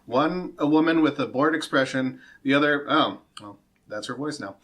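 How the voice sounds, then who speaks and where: Bright-voiced man running a tabletop game. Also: medium pitch, normal speed. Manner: narrates descriptions with playful asides. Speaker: game master.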